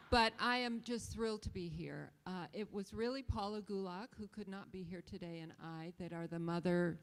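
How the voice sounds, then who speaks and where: Soft-spoken woman in her sixties, echoing hall. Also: lowish voice. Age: 60s. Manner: modest, calm, soft-spoken. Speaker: conference founder. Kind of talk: welcome speech. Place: conference hall. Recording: long hall reverb.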